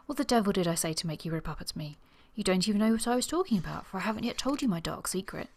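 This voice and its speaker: A woman reading a charming, amused gentleman aloud from a novel, in a light, teasing manner. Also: medium pitch, lively intonation, rapid-fire.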